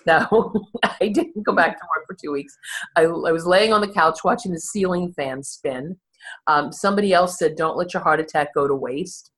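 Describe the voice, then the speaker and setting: A woman's voice: fairly low pitch, normal speed, a bit bright. A woman in her sixties, a therapist, telling her own story candidly in an interview and laughing at herself along the way. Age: 60s. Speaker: therapist and podcast guest.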